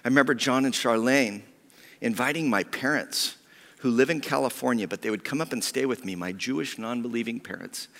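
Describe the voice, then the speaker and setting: A man preaching a sermon as pastor, heartfelt and personal, often sinking to a hushed whisper. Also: medium pitch, a little fast, creaky. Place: church sanctuary. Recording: long reverb of a church hall.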